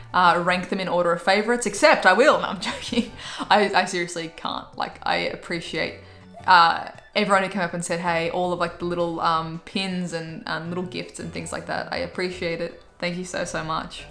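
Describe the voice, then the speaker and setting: An Australian YouTuber, a young woman, chats upbeat about her monthly favourites, sprinkling in plenty of "like." Her voice sits on the low side with a fairly bright tone, and the echoey room carries faint music.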